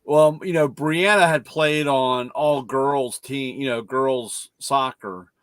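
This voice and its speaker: In a smooth, medium-pitched voice, a middle-aged man hosts a casual chat about cars, taking his time. He tells rambling stories and loudly acts out what other people said, and the recording is dry.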